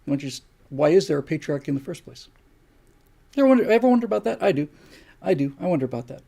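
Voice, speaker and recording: An older man holds forth on his live stream, lecturing and firing off one rhetorical question after another. His voice is gravelly, husky and dark. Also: fairly high pitch, big pitch swings, very fast. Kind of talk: opinion monologue on a live stream.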